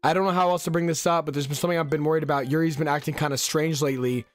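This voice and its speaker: A man reading a worried young woman's note aloud, quick and earnest. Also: on the high side, fairly even intonation, faint music behind, close to an everyday voice.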